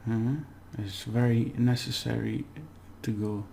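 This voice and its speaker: A man giving a relaxed, chatty language lesson, slowly repeating words for practice and laughing at his own slips. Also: mid-range voice, gravelly, slight background noise. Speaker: language teacher. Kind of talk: casual spoken language lesson.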